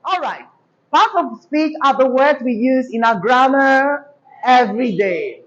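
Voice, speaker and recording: A woman's voice: sits high, animated, dull audio. A woman teaching a diction class, asking questions and having pupils repeat after her. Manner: call-and-response prompting, deliberate.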